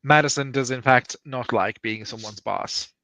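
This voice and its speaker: Bright, playful man on a stream. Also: mid-range voice, normal speed, dry recording. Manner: playful, joking, laughs often. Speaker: podcast co-host reading chat. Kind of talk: casual live-stream chat.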